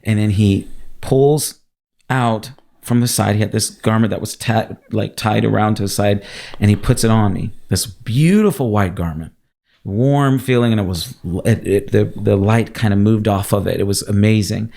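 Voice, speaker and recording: A man's voice: on the low side, moderate pace, gravelly, mellow. A man sharing an emotional personal testimony as a guest, telling his story with laughter and acted-out quotes.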